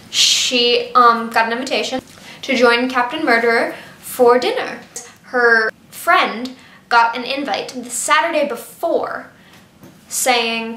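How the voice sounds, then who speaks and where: A woman's voice: on the high side, fairly bright tone. Give me a playful woman vlogger storytelling casually in a roomy space. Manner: chatty, playful, with fillers. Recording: roomy echo.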